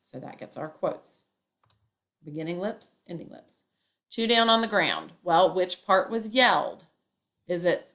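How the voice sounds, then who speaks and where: Woman teacher, lower-pitched, walks a class through punctuation step by step. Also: animated, measured pace, a bit bright. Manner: step-by-step, acts out example lines with emphasis. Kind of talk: classroom grammar lesson.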